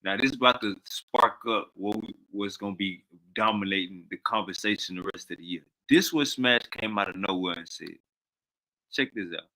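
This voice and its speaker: Low bright voiced guy on a live stream, rambly, loses his place, gets fired up. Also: moderate pace, rough recording. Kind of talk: casual live stream commentary.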